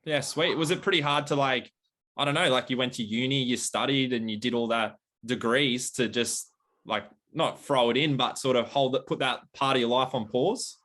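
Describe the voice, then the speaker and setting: A man's voice: medium pitch, moderate pace, fairly bright tone. A man hosting a podcast, asking loose, friendly questions and teasing his guest. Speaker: podcast host. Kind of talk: casual chat.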